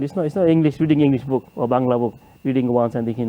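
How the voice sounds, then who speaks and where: A man sitting as a judge on a studio panel, giving earnest, measured advice in simple phrasing. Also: medium pitch, highs cut off. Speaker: competition judge.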